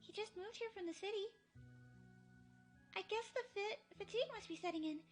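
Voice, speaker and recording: A bubbly, sweet teenage girl, voiced by a woman in a fan-dubbed horror visual novel. Her chirpy voice sits very high. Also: fairly quick, soft background music. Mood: concerned.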